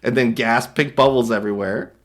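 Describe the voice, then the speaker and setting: A young man streaming, casually reacting to viewer art and reading its captions aloud, laughing often and slipping into quick silly voices. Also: mid-range voice, fairly even intonation.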